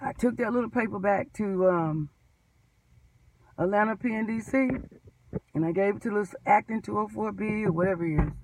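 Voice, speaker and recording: A woman, a postal mail handler, telling her story in an animated, emphatic vlog rant. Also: mid-range voice, moderate pace, far from the mic, a little hiss or hum, poor audio.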